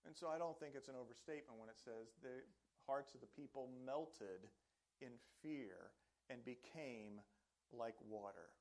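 A man's voice: medium pitch, moderate pace, a little mellow. A man preaching a sermon in an earnest way, often turning to ask the congregation questions. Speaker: pastor.

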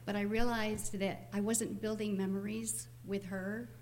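A woman's voice: mid-range voice, flat delivery, measured pace, a little mellow, a little hiss or hum. Nervous middle-aged woman sharing testimony. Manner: nervous, earnest. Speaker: congregation member giving testimony. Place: church sanctuary.

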